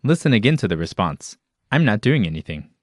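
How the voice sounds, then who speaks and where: Deep-voiced man narrating a lesson. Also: brisk, no echo, studio quality. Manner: even, explanatory, announcer-like. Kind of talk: scripted instructional narration.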